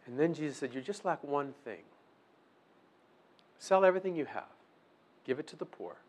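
A man's voice: a little high, lively intonation, normal speed. A man preaching a sermon, asking his listeners questions and acting out quoted prayers. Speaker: pastor.

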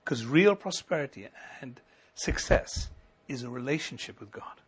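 A middle-aged male pastor preaching a sermon, building to emphatic lines and then dropping to a quiet, intimate tone. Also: mid-range voice, expressive, moderate pace, slightly rough. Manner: preaching with rising emphasis and sudden soft drops.

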